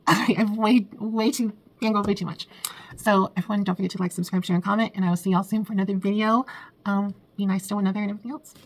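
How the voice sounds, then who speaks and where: A woman's voice: medium pitch, fast talker. Gushing woman reviewing a book. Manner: gushing, excitable, heavy use of "like" and "literally". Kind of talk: casual book review vlog.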